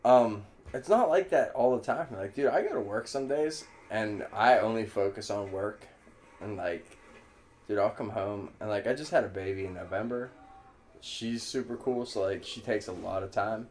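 A man's voice: fairly low pitch, moderate pace, darkish tone, slight background noise. A man in his thirties, a podcast guest, chatting casually in a laid-back way, swearing and laughing often. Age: 30s. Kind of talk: casual chat.

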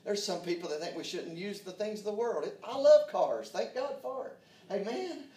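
A man's voice: sits high, very animated, fairly quick, dark tone. A man preaching a sermon in a folksy, fervent way, with frequent amens. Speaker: pastor. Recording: roomy echo, distant from mic.

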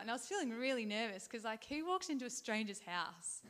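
A woman with a voice a little above the usual in pitch, giving a devotional talk as a personal testimony. She tells it conversationally, with fillers and false starts, and keeps it earnest and heartfelt throughout. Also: expressive, fast talker, hardly any pauses, fairly bright tone. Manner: conversational, storytelling with fillers and restarts. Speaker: Christian speaker.

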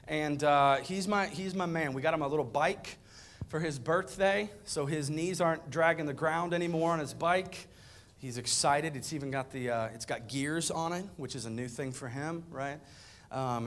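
A man in his thirties preaching a sermon, telling a funny family story and acting out the dialogue with growing excitement. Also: a little high. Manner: animated storyteller, acts out dialogue with rising excitement. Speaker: pastor. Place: church auditorium with a live audience.

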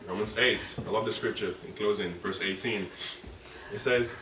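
A man preaching a sermon in a church, animated and dramatic, repeating key phrases and drawing responses from the congregation. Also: deep voice, fairly quick. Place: church hall. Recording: echoey hall, distant mic, background noise.

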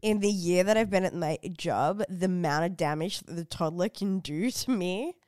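A woman's voice: on the low side, normal speed, a little mellow, no echo, clean studio sound. A woman co-hosting a podcast, blunt and wry in casual chat. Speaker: podcast co-host.

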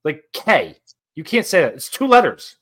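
A young man from the New Jersey or New York area, with the accent to match, co-hosts a podcast of casual, profane, joking banter. His fairly high voice swoops wildly in pitch, is a bit bright with a breathy edge, and moves at a moderate pace.

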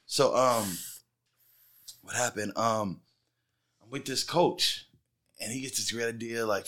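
A middle-aged man on a casual podcast, telling his fight stories with animated energy and plenty of swearing. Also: mid-range voice, takes it slowly, long pauses. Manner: animated storyteller, heavy swearing.

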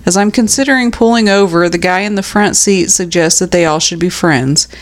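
A woman's voice: lowish voice, brisk. A woman co-hosting a podcast, reading out stories in a casual way and laughing often. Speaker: podcast co-host. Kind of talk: casual storytelling chat.

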